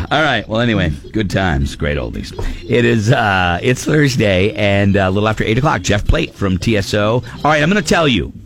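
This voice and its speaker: A man's voice: fairly low pitch, very animated, normal speed, a bit bright. A middle-aged man hosting a radio show, telling a story with lots of laughter and acting out his wife's lines. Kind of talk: morning radio banter.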